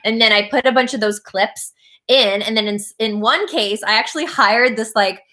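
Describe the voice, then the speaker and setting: Bright giggly woman. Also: a little high, moderate pace. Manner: chatty and giggly, tells stories with lots of fillers. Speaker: band singer hosting a birthday livestream. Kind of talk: casual livestream chat.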